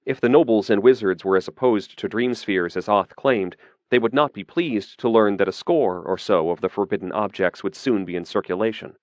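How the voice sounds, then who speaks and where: A man reading a fantasy audiobook in a steady, measured narration. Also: lowish voice, no room sound, highs cut off.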